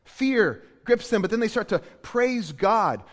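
A male pastor giving a sermon, moving between hushed, quiet passages and loud, emphatic preaching. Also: high-pitched, expressive, measured pace, few pauses, big-room sound. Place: church.

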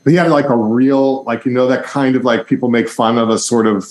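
A middle-aged man from New York hosting an interview, talkative and quick with rambling asides. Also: mid-range voice, steady tone, a little mellow, roomy sound, low-quality recording. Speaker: interviewer host. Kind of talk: casual interview chat.

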